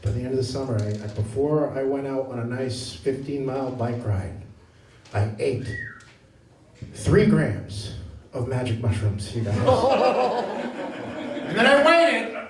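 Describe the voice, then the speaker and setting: A man's voice: mid-range voice, far from the mic, slight background noise. A man doing a stand-up comedy set on a club stage, telling stories with lots of energy and often laughing through his lines. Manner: animated storytelling, often laughing mid-line. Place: comedy club stage before a live audience. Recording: roomy club sound caught from afar.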